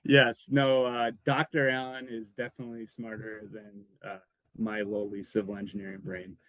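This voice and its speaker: A man's voice: fairly low pitch, level tone, normal speed, fairly bright tone, no echo, rough recording. A man, a former college football lineman, casually telling rambling stories as a podcast guest and laughing between anecdotes. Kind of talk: casual storytelling.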